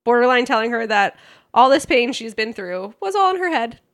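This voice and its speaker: A woman's voice: a little high, sing-song, moderate pace, dry recording, clean studio sound. A young adult woman co-hosting a podcast, reading book quotes in casual chat, sarcastic and laughing often. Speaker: podcast co-host.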